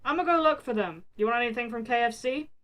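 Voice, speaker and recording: A man's voice: extremely high pitch, fast talker, pushed and bright, voice pushed up. A woman voicing a cocky, teasing young male hero with wings who talks in casual slang. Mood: exasperated.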